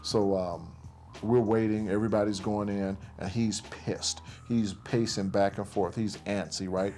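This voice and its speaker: A man with a fairly low voice tells a story in a loose, conversational way. He slips into the present tense and acts out what others said. A clear music bed plays under his words. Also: steady tone, unhurried, mellow. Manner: recounts events in present tense, voicing others' lines. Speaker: interviewee recounting events. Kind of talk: casual storytelling.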